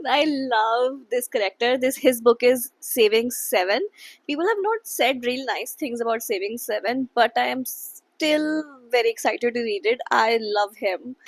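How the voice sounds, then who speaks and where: A woman's voice: a little high, no room sound. Gushing young woman book vlogger. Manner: emotional, gushing, reads quotes aloud with feeling. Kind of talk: casual reading vlog chat. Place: quiet room at home.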